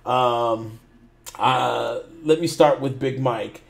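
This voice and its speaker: A man's voice: medium pitch, vocal fry. Loose-talking man hosting a podcast. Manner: loose, swearing, drawn-out phrasing. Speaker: podcast host. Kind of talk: casual chat.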